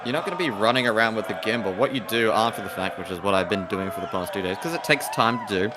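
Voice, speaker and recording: A man's voice: fairly low pitch, lively intonation, fast talker, heavy background noise. A man hosting a casual livestream chat, teasing his guest. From New Zealand. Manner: teasing, sardonic. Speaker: show host.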